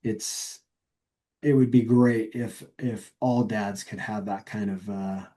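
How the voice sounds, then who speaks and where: A middle-aged man speaking as a podcast guest in casual chat, earnest and reflective, halting with many fillers and restarts. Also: on the low side, fairly even intonation, warm tone.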